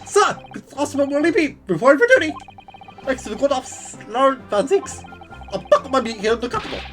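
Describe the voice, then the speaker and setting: Woman voicing a booming constable, game character, very lively swings in pitch. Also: a little fast, faint music behind. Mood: eager. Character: loud eager male London police constable.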